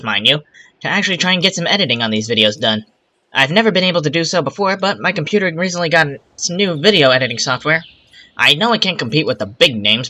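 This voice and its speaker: Gaming host, male, rambling let's-play chatter, bright tone, higher voice, faint game music under. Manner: rambling, self-talking, exasperated asides. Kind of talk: casual let's-play commentary.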